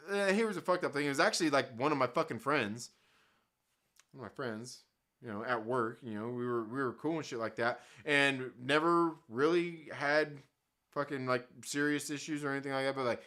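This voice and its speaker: A young man hosting a live stream, with a rather high, bright and forceful voice. He rambles loosely through chat comments and his own stories, swearing freely and laughing often. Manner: profane, laughing, rambling storyteller.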